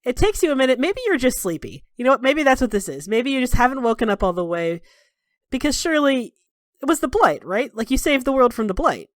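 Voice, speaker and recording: Woman gm narrating a tabletop game, kinda high voice, dry room, giggly. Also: sing-song, a little fast, no room sound. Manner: playful, giggly. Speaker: game master.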